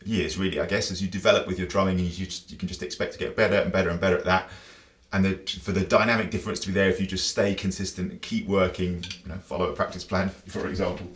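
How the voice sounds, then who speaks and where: A man's voice: sits low, fairly even intonation, fast talker, a bit bright. A man teaching drums in a casual, chatty way, counting and scatting rhythms aloud. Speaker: drum teacher. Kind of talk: casual instructional talk. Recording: roomy echo.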